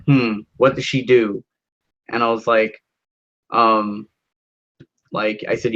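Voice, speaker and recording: A man's voice: medium pitch, fairly bright tone. A young man rambling through a story in casual chat with a friend, with many fillers and swearing. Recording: dull lo-fi sound.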